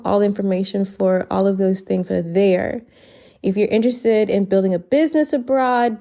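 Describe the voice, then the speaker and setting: A woman's voice: mid-range voice, gravelly, dark tone. A woman hosting her own solo podcast, speaking earnestly and gratefully, laughing between sentences and a little choked up. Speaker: podcast host. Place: lives abroad, based in Barcelona.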